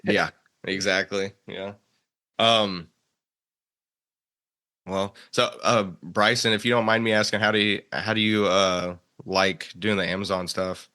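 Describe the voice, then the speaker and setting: A man's voice: lowish voice, steady tone, a little slow, long pauses, bright, forceful tone, clean tone. Laid-back young man hosting a podcast. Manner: laid-back, laughs often, many fillers and restarts. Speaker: podcast host. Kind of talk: casual chat.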